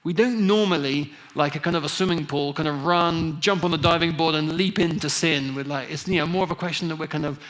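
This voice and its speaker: A man's voice: fairly high pitch, quick pace, hardly any pauses, a bit bright. A middle-aged man from England preaching a conversational sermon, with frequent restarts and fillers.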